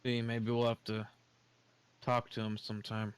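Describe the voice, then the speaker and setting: A man speaking as a player in a tabletop role-playing game. He sounds laid-back and swears casually. His voice comes through smooth and clear, in an even, flat tone. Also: on the low side, moderate pace. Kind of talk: tabletop role-play, in and out of character.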